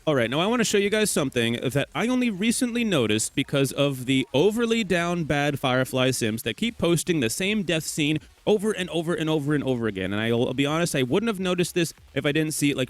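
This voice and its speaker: A man's voice: a little high, no room sound. A young man who hosts a gaming theory channel, talking casually over game footage in a teasing, rambling way and correcting himself as he goes. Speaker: gaming theory video host.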